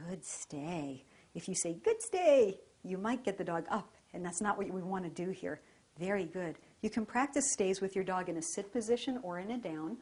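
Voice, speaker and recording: Calm, breathy woman dog trainer. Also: fairly low pitch, a little fast. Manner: calm, even, soft praise to the dog.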